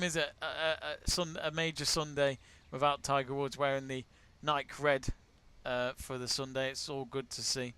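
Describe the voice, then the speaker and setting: A man's voice: medium pitch, level tone, normal speed, hardly any pauses, bright, forceful tone, smooth. A man from England hosting a live golf watch-along, chatting casually, greeting viewers and reading out their messages. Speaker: watch-along stream host.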